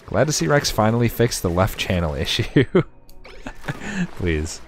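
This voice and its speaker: A man's voice: lowish voice, very animated, unhurried, long pauses, soft background music. A man streamer giving casual gameplay commentary, chatty and sarcastic with himself, swearing often.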